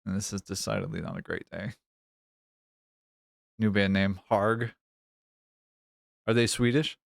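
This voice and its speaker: A man's voice: fairly low pitch, moderate pace, creaky, no echo, clean studio sound. A man streaming a game, chatting casually, joking and swearing freely, speaking English as a second language. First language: not English. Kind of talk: casual live-stream chat while playing.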